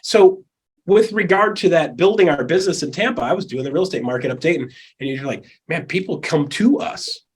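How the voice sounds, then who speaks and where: A man with a high, husky voice coaches real estate agents with a lot of energy. He is middle-aged and keeps acting out clients and calls as he goes. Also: fast. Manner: animated, acts out quoted people and calls. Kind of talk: energetic coaching talk in an interview.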